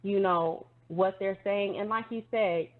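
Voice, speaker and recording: A woman's voice: mid-range voice, steady tone, measured pace. Earnest woman on a tinny line. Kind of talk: casual online commentary chat.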